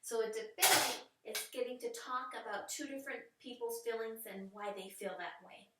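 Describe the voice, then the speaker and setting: A woman's voice: a little high, fairly even intonation, moderate pace, sharp tone, far from the mic. A woman teaching an online reading lesson to children from home, patient and encouraging, stretching out words as she explains them. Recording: roomy echo, voice away from the mic.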